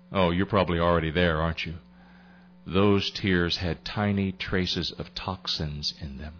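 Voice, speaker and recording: A man's voice: low-pitched, a bit bright, highs cut off, slight background noise. A middle-aged man giving a sermon-like talk on grief at a memorial service, earnest, repeating his key phrases and acting out conversations.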